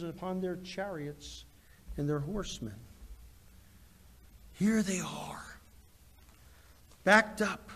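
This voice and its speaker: A man preaching a sermon, animated, swinging between loud declarations and hushed asides. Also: high voice, long reverb tail. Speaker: pastor.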